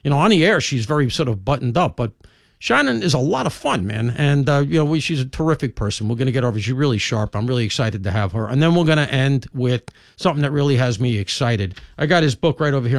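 Emphatic, animated male talk host. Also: medium pitch, quick pace, vocal fry, no room sound, clean studio sound. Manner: rambling, emphatic, jumps between asides. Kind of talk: opinionated monologue previewing the show.

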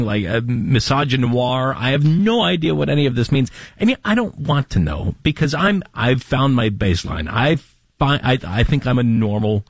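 Guy cohost, kinda husky, blunt, stumbles and repeats himself, dry mic. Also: medium pitch, dry recording. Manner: blunt, halting, repeats words. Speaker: co-host. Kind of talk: opinionated podcast commentary.

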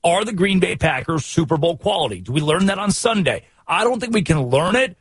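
American man, sports radio host, slightly raised pitch, husky, dry studio sound. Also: expressive, no echo. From United States. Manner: quick, emphatic, rhetorical questions. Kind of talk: sports talk show.

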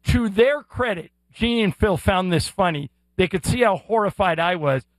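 A middle-aged man co-hosting a sports radio show, telling a story in an animated way and acting out the voices. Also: sits high, moderate pace, no echo, low-quality recording. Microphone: studio mic.

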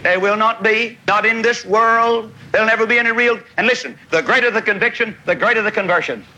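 A man's voice: high-pitched, fairly quick, pushed and bright, poor audio. A man preaching a revival tent sermon in a fiery, folksy, scolding way. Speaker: evangelist preacher. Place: large revival tent with crowd.

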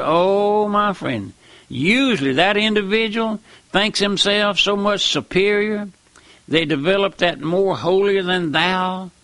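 A man's voice: on the high side, vocal fry, bright, forceful tone, no room sound. A middle-aged man preaching a sermon in a folksy, earnest way, often repeating phrases.

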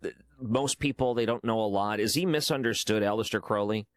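Give me a male late-night radio host with a low voice, talking casually with a guest. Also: a little fast, no room sound, studio quality. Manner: conversational, stumbling restarts, laughs easily. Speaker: radio talk show host. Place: home basement office.

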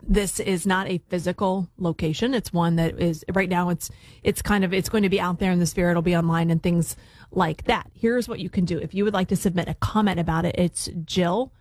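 A woman's voice: lowish voice, steady tone, brisk, darkish tone, no room sound. A woman co-hosting a live radio show, reading community announcements in a conversational way. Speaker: radio news anchor and co-host. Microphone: studio microphone.

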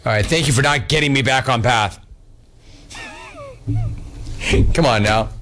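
A man's voice: mid-range voice, slow pace, a bit bright, slight background noise. Brash joking radio host, man. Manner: brash, joking, teasing callers. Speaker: radio talk show host. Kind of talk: sports talk radio banter.

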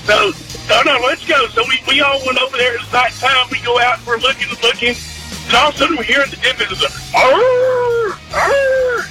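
Very high bright-voiced caller. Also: male voice, steady tone, quick pace, faint music behind, low-quality recording. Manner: rambling folksy storyteller with restarts. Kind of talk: storytelling on a call-in line.

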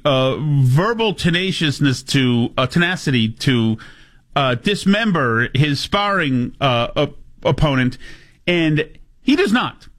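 A man's voice: on the high side, fairly bright tone. A male talk host giving casual, sarcastic commentary, with frequent stumbling asides.

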